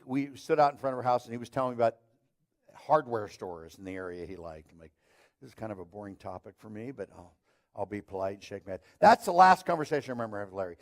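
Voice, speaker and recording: Pastor, middle-aged man, sermon delivery, storyteller with dry wit and voiced dialogue, mid-range voice. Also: mid-range voice. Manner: storytelling with acted-out dialogue, wry humor. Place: church stage.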